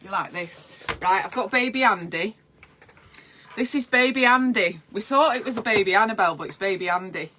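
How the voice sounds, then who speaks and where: A woman's voice: medium pitch, a little fast, sharp tone, a little hiss or hum. A woman midwife, giving chatty, encouraging advice in a casual live stream and talking straight to her viewers.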